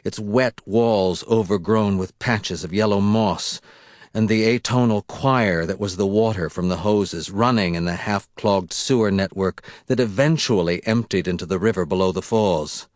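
Low-voiced male audiobook narrator. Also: normal speed, no room sound, clean studio sound.

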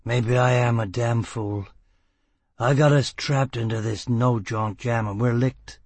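A man voicing a tough, blunt, determined man who talks in gruff, clipped bursts. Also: medium pitch, fairly even intonation, a little slow, darkish tone, dry recording. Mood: weary. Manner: gruff, clipped and rough-spoken.

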